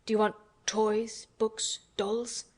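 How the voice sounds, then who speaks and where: A sad, worn-out gentleman from a storybook reading, speaking slowly and low in a subdued, tired way, as a woman narrator puts him on. He sounds distracted and heavy-hearted. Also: completely flat delivery. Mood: weary. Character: weary, grieving middle-aged gentleman guardian.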